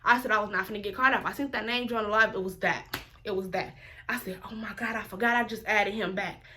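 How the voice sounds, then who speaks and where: Woman, casual storytime vlog, animated, bright voice. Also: mid-range voice, fast talker, slight background noise. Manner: animated storytelling, quotes others in raised voices. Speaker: vlogger.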